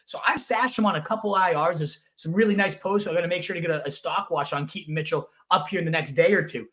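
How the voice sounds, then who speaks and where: High-voiced excitable fantasy football co-host. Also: male voice. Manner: emphatic, swears for emphasis, quick bursts of excitement. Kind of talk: casual sports analysis chat.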